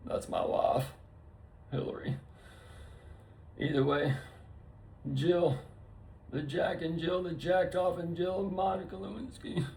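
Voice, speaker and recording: A man doing a hushed folksy old politician. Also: high voice, fairly even intonation, slow, gravelly, long pauses, recorded from a distance, slight background noise, voice pushed up, full character voice. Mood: sly. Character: folksy older male politician impression, hushed.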